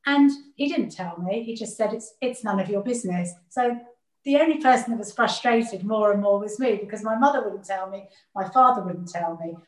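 A woman's voice: mid-range voice, moderate pace. A woman speaking earnestly as an interview guest, reflecting on her family and often repeating words as she gathers her thoughts. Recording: roomy echo.

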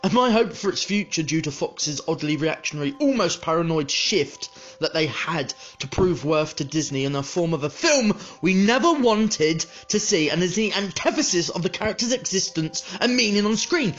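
A male podcast host ranting through a film review, heated and full of swearing. His voice is lively and mid-high. The recording is slightly dull, with faint music underneath. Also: normal speed, few pauses.

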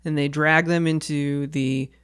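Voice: medium pitch, steady tone, a little slow, fairly bright tone, clean tone. Wry joking podcast co-host. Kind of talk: casual movie discussion.

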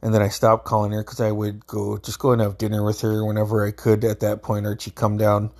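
A man's voice: fairly low pitch, completely flat delivery, brisk, a little mellow. A man in his thirties from Alaska, telling a casual, rambling story with lots of fillers and swearing. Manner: rambling, laid-back, frequent fillers and swearing.

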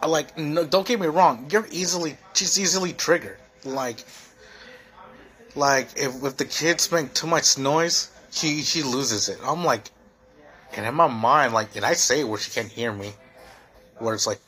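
A man's voice: mid-range voice, measured pace, pushed and bright. A young man hosting a solo podcast, venting in a heated, profane, rambling way full of fillers. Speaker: podcast host.

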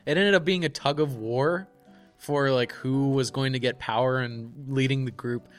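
A young man co-hosting a podcast, telling stories in a casual, animated way and laughing often. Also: mid-range voice, normal speed, faint music behind. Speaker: podcast co-host. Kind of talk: casual chat.

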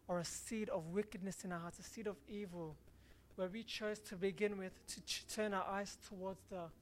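A woman gives a morning sermon in a mid-range voice. She reads a scripture passage and then talks it through earnestly, with some restarts along the way. A faint background hum sits under her voice. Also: mid-range voice. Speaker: preacher.

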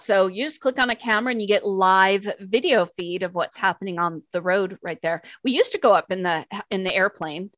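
A woman, a traffic and news radio reporter, telling stories with lively enthusiasm in a casual interview. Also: medium pitch, dry recording. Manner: animated, enthusiastic storyteller.

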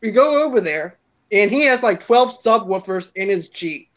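A man's voice: high-pitched, lively intonation, moderate pace, fairly bright tone. A man hosting a podcast, telling a casual story, laughing through it and swearing freely. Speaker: podcast host. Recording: dull lo-fi mic.

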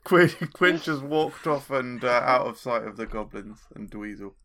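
Gravelly guy in a tabletop game, matter-of-fact about his character. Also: medium pitch, lively intonation, normal speed, a bit bright, a little hiss or hum. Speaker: player. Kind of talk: tabletop role-play chat.

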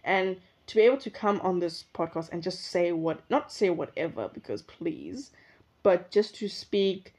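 A woman's voice: on the low side, animated, measured pace, a little mellow. A young woman hosting her own podcast alone, thinking aloud in a rambling, reflective way and often correcting herself mid-sentence. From South Africa. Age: young adult. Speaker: podcast host. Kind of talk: casual solo podcast monologue. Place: indoors at her usual recording spot.

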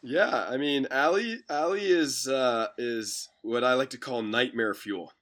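With a mid-range, slightly bright voice and a somewhat slow pace, a university head basketball coach tells stories on a casual podcast. He's chatty and tends to repeat words as he goes.

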